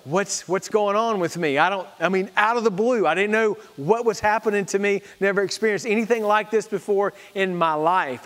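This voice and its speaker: Earnest high-voiced pastor preaching. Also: male voice, a bit bright, big-room sound. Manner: earnest, storytelling, with prayerful repetition. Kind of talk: sermon.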